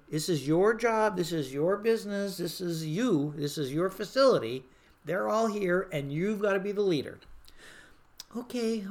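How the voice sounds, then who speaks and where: Older person telling a work war story, lively, does the voices and shouts the quotes. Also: mid-range voice. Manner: animated, acts out quotes in raised voices.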